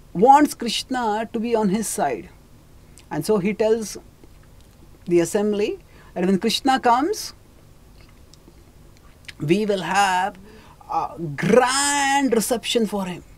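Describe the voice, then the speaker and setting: A religious teacher retelling scripture in a lecture, speaking haltingly with restarts on names and quoting the characters. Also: mid-range voice, darkish tone.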